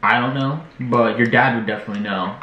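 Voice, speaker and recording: A man in his twenties chatting casually with his fiancée, mostly giving relaxed short replies. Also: medium pitch, fast, lo-fi sound. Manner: laid-back, short replies. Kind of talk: casual chat. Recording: echoey room, faint noise.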